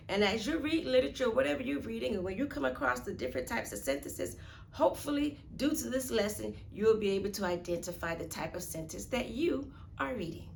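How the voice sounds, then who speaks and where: A patient American teacher leads a recorded English grammar video, asking questions and supplying the answers herself. Her voice is a little high and a bit bright, with vocal fry, and the echoey room carries a faint background hiss.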